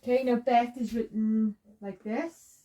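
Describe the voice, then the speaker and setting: A woman's voice: a little high, steady tone, a little slow, dark tone, distant mic, lo-fi sound. A woman teaching a beginner's language lesson, patiently walking through each sound step by step. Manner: patient, repeats sounds and steps. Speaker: Hebrew teacher.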